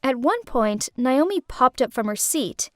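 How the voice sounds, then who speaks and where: Young woman narrating a storytime, high voice, swoopy and dramatic, dry close sound. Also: a little slow, no room sound. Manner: animated, dramatic. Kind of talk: first-person storytime narration.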